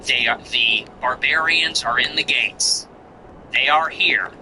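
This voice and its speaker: A man's voice: mid-range voice, slow pace, pushed and bright, slight background noise, poor audio. A man hosting a commentary show, ranting contemptuously in repetitive, emphatic lists. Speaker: show host. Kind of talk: political commentary monologue.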